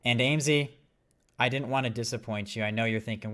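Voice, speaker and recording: A man's voice: mid-range voice, fairly even intonation, a little fast, fairly bright tone. A man hosting a casual sports betting podcast, rambling and swearing while he has a cough. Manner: rambling and profane, explaining picks. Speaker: podcast host.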